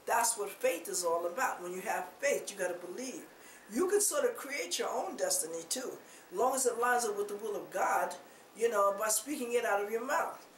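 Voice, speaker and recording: Woman preacher, casual sermon delivery, middle pitch, roomy far-off sound, faint hiss. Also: animated, moderate pace. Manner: conversational, many rhetorical questions, frequent "you know". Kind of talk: informal spoken sermon. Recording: roomy echo, distant mic, faint noise.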